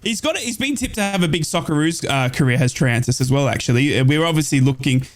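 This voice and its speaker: Quick aussie bloke on a footy radio show, laid back, lots of uhs. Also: male voice, a little high, expressive. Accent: Australian. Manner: easygoing, laid-back, many fillers. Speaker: radio co-host. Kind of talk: casual sports chat.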